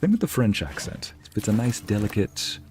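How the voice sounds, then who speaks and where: A man's voice: on the low side, very animated, moderate pace, darkish tone, a little hiss or hum. A man streaming a game, chatting casually and musing aloud as he reads out messages from his chat.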